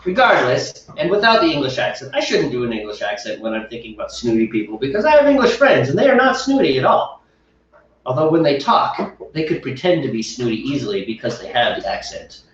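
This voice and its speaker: A middle-aged American man co-hosts a homebrew show, chatting casually, rambling, and laughing often. His medium-pitched voice is very animated and fairly quick. The dull recording has slight background noise, an echoey room, and a distant mic.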